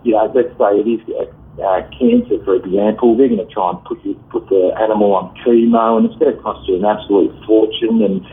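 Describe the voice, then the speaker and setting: A man in his fifties calling in, giving frank, blunt advice with many halting fillers. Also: fairly low pitch. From Australia. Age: 50s. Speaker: caller. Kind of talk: call-in advice. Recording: tinny phone line.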